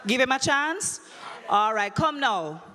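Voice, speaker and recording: A woman's voice: sits high, big pitch swings, slow, sharp tone. Woman, conference emcee, playful crowd-work, long hall reverb. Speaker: conference emcee running a quiz. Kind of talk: lively live event hosting.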